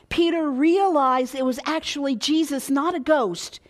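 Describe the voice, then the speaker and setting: A woman's voice: high-pitched, unhurried, few pauses. A woman preaching a sermon, dramatic, dropping to a whisper and rising for emphasis.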